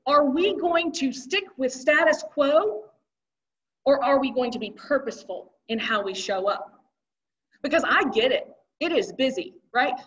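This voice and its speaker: High-voiced woman giving a live talk. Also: a bit bright, distant mic. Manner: conversational, rhetorical questions, emphatic. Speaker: keynote speaker. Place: event hall with audience. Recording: dull lo-fi recording.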